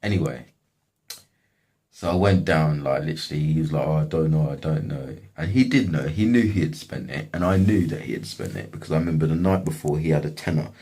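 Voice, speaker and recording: A man's voice: very deep voice, a little fast, darkish tone. A young man casually telling a story from his life, slangy and swearing often. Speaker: vlogger.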